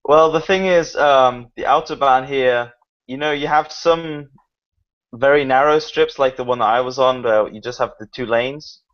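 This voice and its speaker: A man telling a story in a relaxed, chatty way, dropping a few fillers. His pitch is ordinary for a man. The audio is dull and lo-fi, like a call. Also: moderate pace. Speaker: motovlogger guest. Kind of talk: casual chat.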